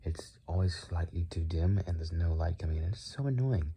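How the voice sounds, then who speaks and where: A sleepy young man talks in a soft, soothing murmur, letting his thoughts drift late at night. His voice sits very low with a gravelly, husky edge. It sounds like a phone recording in a quiet bedroom. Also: normal speed. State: tired, sleepy. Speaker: vlogger. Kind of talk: late-night casual rambling talk.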